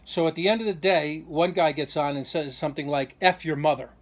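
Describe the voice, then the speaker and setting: A man's voice: on the high side, brisk. A man telling a long personal story in a vlog, aggrieved and rambling, with many restarts and asides. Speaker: vlogger.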